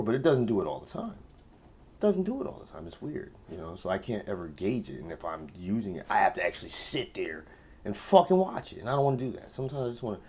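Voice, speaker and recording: Loud, profane man telling a tall tale. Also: lowish voice. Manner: profane, animated, swings from mumbling to shouting. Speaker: host. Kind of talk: casual storytelling monologue. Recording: noisy room ambience.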